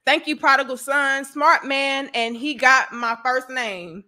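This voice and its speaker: A woman hosting a casual live stream, reading donations and speaking in an animated, outspoken, slangy way. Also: high-pitched, a little slow, few pauses.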